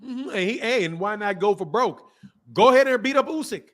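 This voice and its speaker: A man's voice: sits high, animated, brisk, fairly bright tone. A man from the Midwest hosting a boxing live stream, chatting loosely and joking while he reads chat comments aloud. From American Midwest. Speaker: boxing channel host.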